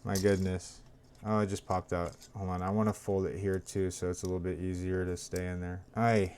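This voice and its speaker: Low-voiced man muttering through a repair. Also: little pitch movement, moderate pace, darkish tone, a little hiss or hum. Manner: mutters while working, grows frustrated and swears. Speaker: tech vlogger. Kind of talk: casual hands-on narration.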